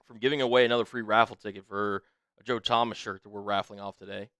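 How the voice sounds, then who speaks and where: A man co-hosting a casual sports live stream, upbeat, shouting out chat names and urging viewers to subscribe. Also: fairly low pitch, fairly even intonation, fast talker, smooth, no room sound, studio quality.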